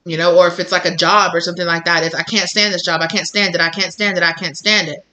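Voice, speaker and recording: Speaking fast in a sharp, level, mid-range voice, this tarot reader talks straight to the audience. The delivery is blunt and emphatic, with repeated phrases, acted-out quotes from others, and casual swearing.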